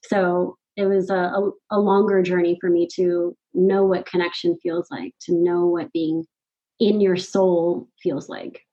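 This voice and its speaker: A middle-aged woman, a podcast guest, telling a personal story in casual conversation, animated and laughing often. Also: fairly low pitch, unhurried, highs cut off. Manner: animated, laughs often, quotes her own thoughts.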